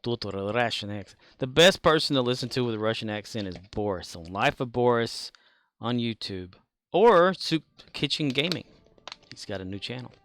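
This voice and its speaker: Chatty man streaming, lively pitch. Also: normal speed, dry recording. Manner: chatty, mutters to himself and hums along. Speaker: game streamer. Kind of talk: casual live-stream chat.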